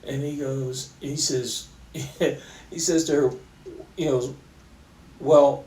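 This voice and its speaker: A middle-aged man, an orthopaedic surgeon, tells stories in a relaxed way, with many fillers and restarts. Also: mid-range voice, slow pace, reverberant, distant mic, rough recording. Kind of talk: conversational storytelling interview.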